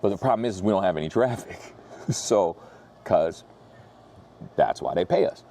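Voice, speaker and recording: Casting: male pastor, deep mellow voice, casual slangy sermon storytelling. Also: moderate pace. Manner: laid-back slang-heavy preaching, lively when retelling.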